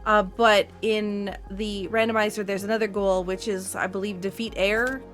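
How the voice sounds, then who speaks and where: A woman's voice: medium pitch, little pitch movement, moderate pace, a bit bright, faint music behind. A woman playing a game live and explaining it as she goes, chatty and laughing often, with plenty of fillers. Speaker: speedrun player. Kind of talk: live gameplay commentary.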